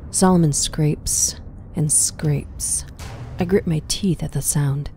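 A woman narrating a scripted horror story in a hushed, often whispery, tense way. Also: low-pitched, fairly even intonation, slow, faint music behind.

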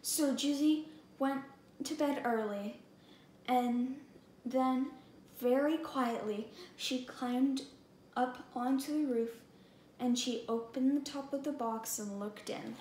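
Slow, high-voiced woman reading aloud. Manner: expressive and deliberate. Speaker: storybook reader. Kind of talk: reading a picture book aloud. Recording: echoey room, faint background hum.

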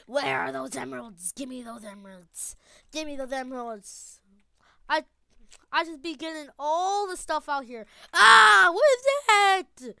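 A woman giving excitable gameplay commentary, laughing often and repeating her phrases. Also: high voice, dry recording. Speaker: gamer.

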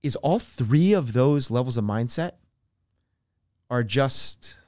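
A man speaking as a podcast guest and coach, explaining his ideas earnestly with everyday examples and dropping his voice softer on key terms. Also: medium pitch, expressive, slow, no room sound, studio quality. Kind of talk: conversational podcast interview.

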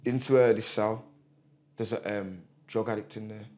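A man's voice: fairly low pitch, steady tone, moderate pace, a little mellow. Heartfelt English man telling a story. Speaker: podcast co-host. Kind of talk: casual podcast chat.

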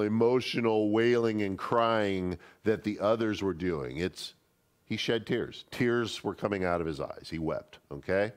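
A man, a pastor teaching a Bible study in a conversational, emphatic way. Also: on the low side. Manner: conversational and emphatic, acting out quoted speech.

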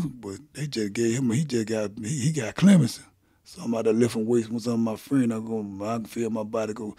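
A man's voice: medium pitch, steady tone, fairly quick, warm tone, breathy edge, no echo, studio quality. An older man, animatedly retelling his own story in casual conversation and acting out the voices of people in it. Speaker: guest telling his life story.

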